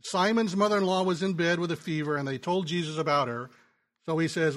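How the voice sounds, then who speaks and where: Male pastor, sermon delivery, conversational storyteller, somewhat high-pitched, stumbles and restarts. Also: fairly quick. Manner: conversational storytelling, drops soft and quiet in tender moments; frequent restarts and stammers. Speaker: pastor and ministry teacher.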